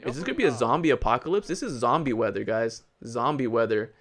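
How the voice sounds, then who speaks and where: Young male gaming host, average-pitched voice, playful trash talk over his ballgame, breaks into rapid repeated cheers. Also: a crowd in the background. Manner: hyped, jokey, trash-talks the game characters; repeats words in excited bursts. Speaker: gaming YouTuber. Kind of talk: live gameplay commentary.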